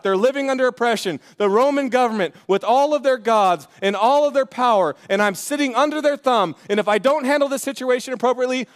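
A worn-out Roman governor at the end of a long day, airing an exasperated, rambling complaint as a preacher acts him out. The voice sits fairly high, and long reverb trails each phrase through a big hall. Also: male voice. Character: weary, frustrated Roman governor, middle-aged man.

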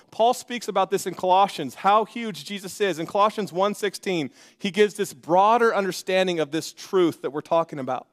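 A man preaching a sermon in an energetic, conversational way, with joking asides to the congregation. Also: sits high, moderate pace, few pauses. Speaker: pastor. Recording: long reverb of a large hall.

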